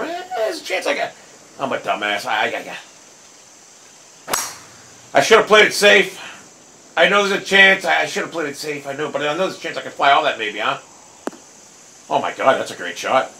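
A man commentating his own golf video game play, swearing constantly and bursting into frustrated shouts. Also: mid-range voice, slight background noise, low-quality recording. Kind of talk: casual gameplay commentary.

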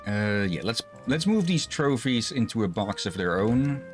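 A man streaming a co-op game with a friend, relaxed, thinking aloud and laughing often. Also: fairly low pitch, moderate pace, faint music behind. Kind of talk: casual gaming chat.

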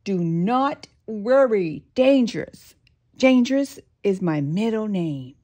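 A woman's voice: mid-range voice, expressive, slow, a little mellow. A woman voicing a brave, cheerful male sea sponge in a storybook read-aloud, bold and emphatic. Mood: heroic.

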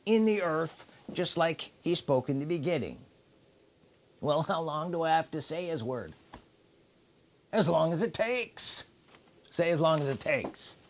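A man preaching a sermon, emphatic, repeating key phrases with drawn-out pauses. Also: high-pitched.

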